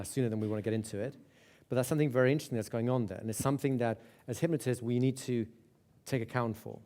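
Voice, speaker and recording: A man's voice: mid-range voice, mellow. Conversational male hypnosis instructor. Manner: conversational, with repeated checks like "right?"; restarts and repeats words. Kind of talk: live seminar teaching.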